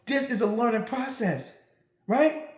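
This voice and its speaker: A man's voice: very high voice, measured pace, reverberant. A man hosting a podcast, talking to listeners in a blunt, profane, emphatic way and often checking in with "right?" as he goes. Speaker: podcast host. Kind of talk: casual monologue to listeners.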